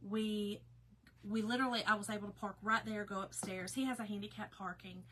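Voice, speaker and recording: Bright chatty woman. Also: mid-range voice, fairly even intonation, a little fast, slight background noise, low-quality recording. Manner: chatty and emotional, addressing viewers as y'all. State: tearful at times. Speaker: craft seller and storyteller. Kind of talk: casual chat to viewers.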